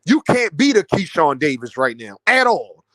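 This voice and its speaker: A man's voice: a little high, sing-song, normal speed, fairly bright tone, no echo. A man ranting about boxing to his viewers, mocking and incredulous. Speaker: boxing commentary vlogger. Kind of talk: animated boxing rant.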